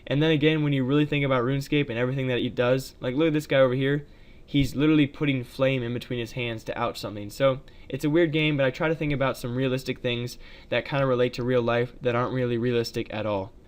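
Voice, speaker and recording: Chatty man with a smooth voice. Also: mid-range voice, fairly even intonation, fast. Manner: chatty, addresses viewers as guys, many fillers. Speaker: gaming video creator. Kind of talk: casual gameplay commentary.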